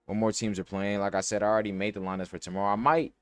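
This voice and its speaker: A man's voice: fairly low pitch, level tone, racing, fairly bright tone, smooth, no room sound. A young man hosting a podcast, casually thinking aloud about sports bets with slang and cursing. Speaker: podcast host. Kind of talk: casual sports betting talk. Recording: dry close mic, faint music.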